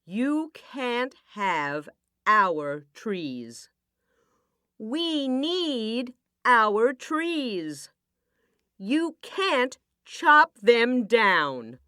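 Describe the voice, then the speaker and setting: A woman's voice: a little high, sing-song, extremely slow, bright, forceful tone, clean tone, no room sound, studio quality, pitched above the performer's own voice, exaggerated voice. A woman doing a brave village woman. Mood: defiant. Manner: firm, emphatic refusals.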